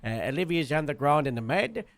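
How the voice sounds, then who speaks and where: A man's voice: a little high, sing-song, brisk, creaky, no room sound. A man telling a long story in character during a roleplay game, rambling with lots of filler and restarts.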